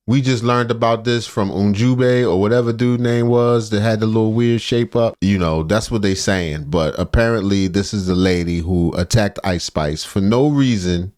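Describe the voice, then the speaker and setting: A man talking through a clip in a loose, joking commentary style. His voice is on the low side, and he mocks what he hears as he goes. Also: darkish tone. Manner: mocking, joking. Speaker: commentary host. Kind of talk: casual commentary.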